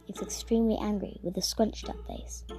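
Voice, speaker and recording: A woman's voice: medium pitch, steady tone, warm tone. Woman reading a story over music. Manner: halting, with frequent restarts.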